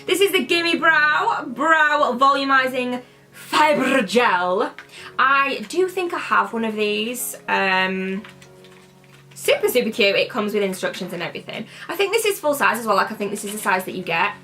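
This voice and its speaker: Chatty bright-voiced British woman vlogger. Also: on the high side, expressive, moderate pace, soft background music. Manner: chatty, playfully shifts her accent. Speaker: beauty vlogger. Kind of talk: casual unboxing chat.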